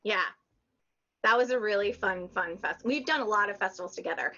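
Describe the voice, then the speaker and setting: A woman's voice: mid-range voice, a little fast, pushed and bright, highs cut off. A woman comedian chatting casually on a podcast, telling stories, laughing often and acting out what people said. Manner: chatty storyteller, laughs often, acts out quotes. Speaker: comedian guest.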